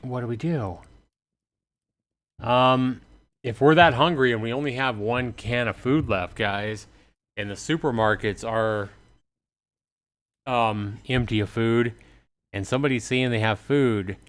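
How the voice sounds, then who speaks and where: A man's voice: on the low side, a little slow, a bit bright, clean tone. A man casually commenting while livestreaming a game and reading its lines aloud. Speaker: gaming livestreamer. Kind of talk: casual let's-play commentary.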